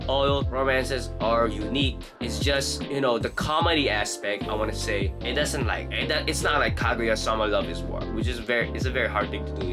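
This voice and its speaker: A young man ranting casually about an anime, blunt and profane, rambling and correcting himself as he goes. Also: medium pitch. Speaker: anime commentator. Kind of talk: casual rant to camera.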